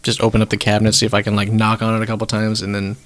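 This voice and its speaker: A man's voice: on the low side, monotone, racing, fairly bright tone. A man taking his turn as a player in a tabletop game, hesitant and restarting his sentences. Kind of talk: casual tabletop game play.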